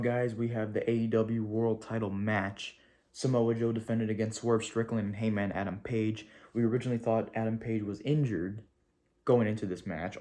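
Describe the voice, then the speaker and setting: Excitable, profane man reviewing wrestling. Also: lowish voice. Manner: rambling, with slang like "bro". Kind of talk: casual video review.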